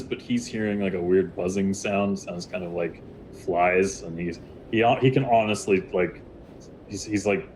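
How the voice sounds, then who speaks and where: Deep-voiced rambling game master. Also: male voice, steady tone, normal speed, darkish tone, slight background noise, poor audio. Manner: rambling, many fillers and restarts. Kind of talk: narrating a tabletop game.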